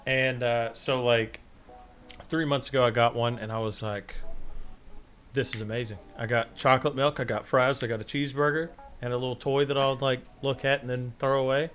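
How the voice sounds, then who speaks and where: A male podcast co-host with a mid-range voice tells a story fairly quickly in casual chat. He's an animated storyteller who acts out the quotes and swears freely.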